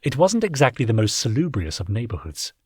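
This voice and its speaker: Husky-voiced male audiobook narrator. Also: medium pitch, huge pitch swings, a little fast, a little mellow, no echo, studio quality. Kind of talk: scripted narration.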